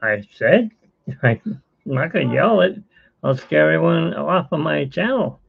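A man's voice: on the high side, lively intonation, measured pace, gravelly, phone-quality sound. A middle-aged man hosting a casual live stream from home, rambling and chuckling as he talks to viewers while he sketches. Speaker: host.

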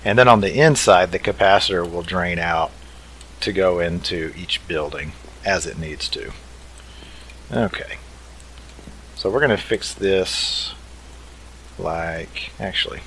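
Man, deep voice, casual let's play commentary, easygoing, thinking aloud, faint background hiss. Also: slow pace, pauses often, fairly bright tone, rough recording.

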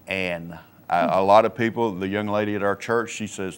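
Man, low voice, plainspoken, faith testimony, frequent fillers. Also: fairly even intonation, smooth. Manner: plainspoken, halting, many fillers. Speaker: co-host sharing his recovery testimony. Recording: local cable TV studio.

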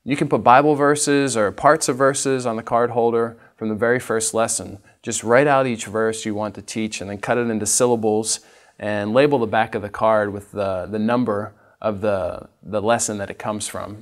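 A man teaching a literacy training session, patiently demonstrating each step for teachers. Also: lowish voice. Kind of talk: instructional training talk.

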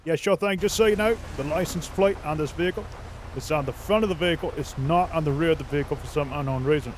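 A man's voice: a little high, quick pace, slight background noise, natural voice. A man voicing a laid-back Australian bushman in a game roleplay, in a put-on Australian accent, easygoing and saying "mate" a lot. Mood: cheerful.

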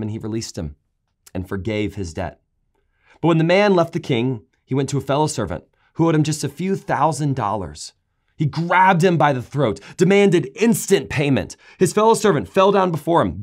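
Man preaching an animated sermon. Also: medium pitch. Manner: animated storytelling, raising voice for quoted complaints. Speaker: pastor. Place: large church auditorium.

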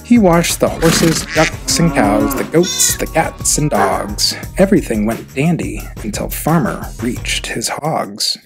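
A man reading a rhyming children's picture book aloud, with an expressive, rhythmic delivery. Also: medium pitch, takes it slowly, hardly any pauses, over music. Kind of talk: read-aloud storybook narration.

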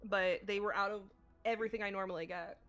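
A woman's voice: medium pitch, fairly even intonation, fast talker, a bit bright, soft background music. A young woman chatting casually as a player in a tabletop game, rambling with lots of fillers and giggles. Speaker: player, ship captain's player.

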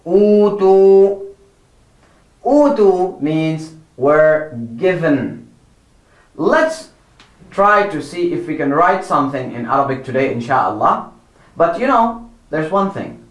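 A man with a fairly high voice teaches children Quran recitation at a slow, careful pace. He patiently repeats each word and points out the wrong ways to say it. The sound carries a noticeable room echo. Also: sing-song, fairly bright tone.

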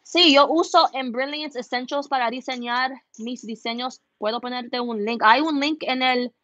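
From her home embroidery studio, a woman who owns an embroidery business answers live-chat questions, casually switching between English and Spanish and laughing at herself. Her voice is high and a bit bright, her pace moderate, and the recording has no echo but the highs are cut off.

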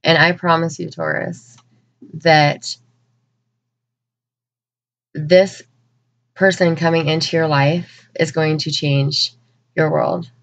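Woman tarot reader, emotional and unhurried, muffled home-video sound. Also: low voice, flat delivery. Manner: slow, earnest, emotional, with many pauses. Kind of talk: channeled spiritual message to viewers. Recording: dull lo-fi recording.

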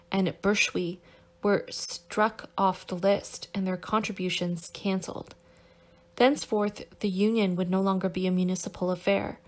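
A woman narrates a novel in a steady, careful reading voice at a middle pitch. She now and then stops to correct a stumbled word. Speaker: audiobook narrator.

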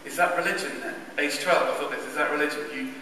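A man's voice: on the high side, quick pace, bright, forceful tone, a little hiss or hum. A man telling a funny, self-mocking childhood story to a church audience, chuckling as he goes. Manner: wry, self-mocking, chuckling anecdotal delivery. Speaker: speaker at a church carol event. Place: large church. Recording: distant echoey church recording.

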